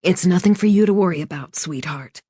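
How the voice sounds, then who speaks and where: Woman voicing a hushed, worried mother. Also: fairly low pitch, a little fast, breathy edge, dry recording, clean studio sound, pitched below the performer's own voice. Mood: tender. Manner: soft, hushed and gentle. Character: worried mother soothing her child. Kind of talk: audiobook character voice.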